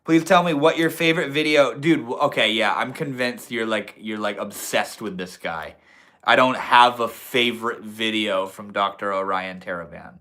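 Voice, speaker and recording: Young male streamer with a bright, forceful voice. Laid-back, slangy and swears freely while chatting with his viewers. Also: on the low side, moderate pace. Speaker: livestream host. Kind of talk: casual livestream chat reading comments.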